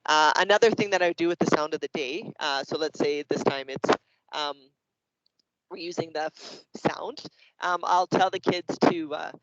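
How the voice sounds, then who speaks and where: A Canadian man, a teacher, presenting classroom activities to other educators in a lively way, acting out his examples. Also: a little high, moderate pace, no room sound, muffled recording. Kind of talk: explanatory workshop presentation.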